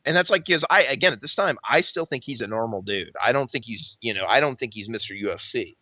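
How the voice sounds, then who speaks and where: A man, a podcast host, telling a long story in casual chat, rambling and swearing constantly with lively energy. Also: mid-range voice, quick pace, no echo. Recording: dull lo-fi recording.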